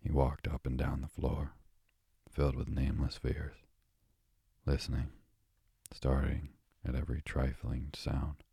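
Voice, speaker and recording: Sleep-story narrator, male, soft and drowsy, deep monotone, dry close sound. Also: unhurried, creaky, breathy edge, no room sound. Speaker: bedtime story reader.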